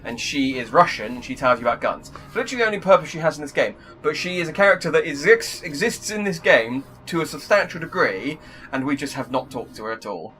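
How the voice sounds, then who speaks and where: A man's voice: fairly high pitch, animated, fast talker, sharp tone, soft background music. A man in his thirties co-hosting a let's-play, dry, wordy and self-mocking. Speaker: co-host of a gaming channel. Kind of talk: casual let's-play commentary.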